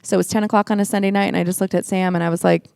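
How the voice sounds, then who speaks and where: A woman's voice: medium pitch, fairly even intonation, very fast, creaky, darkish tone, smooth, no room sound, clean studio sound. A woman guest on a church podcast telling her personal story with earnestness, near tears at times. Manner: earnest, emotional storytelling, acts out quoted voices. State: tearful at times. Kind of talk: personal testimony in casual chat.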